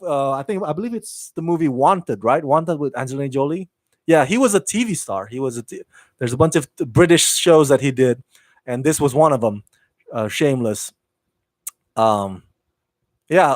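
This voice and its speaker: Chatty higher-pitched male live-stream host. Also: no room sound. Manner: enthusiastic, rambling, with frequent fillers and restarts. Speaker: host of a live entertainment news show. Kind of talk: casual live-stream chat reading viewer comments.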